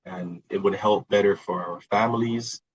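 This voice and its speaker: A man's voice: on the low side, steady tone, normal speed, breathy edge, lo-fi sound. A man talking as a podcast guest in a reflective, conversational way, often repeating words and acting out quoted reactions. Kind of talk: casual conversational talk.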